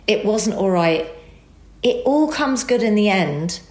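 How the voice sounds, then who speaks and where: A woman telling an emotional personal story as a guest, animated and acting out the dialogue. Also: fairly high pitch, measured pace, echoey room.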